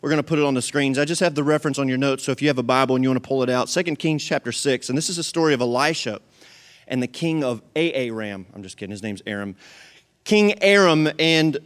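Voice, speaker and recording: A man preaching a sermon, retelling a Bible story in an animated, dramatic way with jokes and asides to the congregation. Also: medium pitch, fast talker, clean tone. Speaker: pastor.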